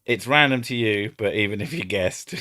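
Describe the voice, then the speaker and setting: A man's voice: fairly low pitch, normal speed, sharp tone, no echo, clean studio sound. A man with an Edinburgh Scottish accent, hosting a live stream in rambling casual chat, swearing and trying out silly impressions. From Scotland. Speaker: streamer host.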